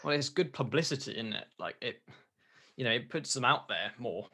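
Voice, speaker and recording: A young man chats casually and mostly goes along with his friend. His voice sounds bright, with a sharp edge. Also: medium pitch, animated, brisk, slightly rough. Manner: agreeable, laughs along. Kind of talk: casual chat.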